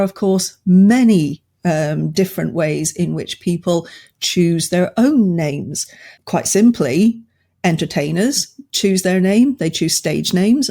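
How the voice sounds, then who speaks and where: A woman co-hosting a podcast, explaining things in a measured way. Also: on the low side, warm tone. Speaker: podcast co-host. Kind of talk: casual podcast chat.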